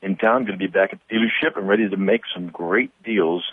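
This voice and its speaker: A man in his sixties from St. Louis calls into a radio show and chats casually, telling stories with a ready laugh. His voice sits low and husky but swings up and down in pitch. It comes through a tinny phone line. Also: steady tone, quick pace, dry recording. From St. Louis, Missouri. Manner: storytelling, laughs often. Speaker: car dealer, guest.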